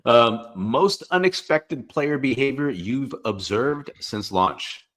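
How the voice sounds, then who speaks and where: A man co-hosting a gaming podcast, reading questions in a relaxed, low-key way. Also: slow pace. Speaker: podcast co-host.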